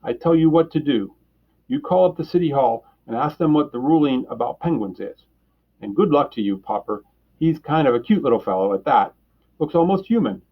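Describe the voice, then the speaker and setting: A man's voice: expressive, a little fast, dull audio, close to an everyday voice. A man doing a puzzled, easygoing policeman. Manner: louder, higher than the narration.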